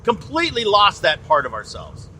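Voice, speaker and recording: A man's voice: high-pitched, huge pitch swings, moderate pace, sharp tone, slight background noise. A man hosting a podcast, ranting bluntly and indignantly, swearing and repeating himself. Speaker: podcast host. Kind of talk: ranting opinion monologue. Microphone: phone.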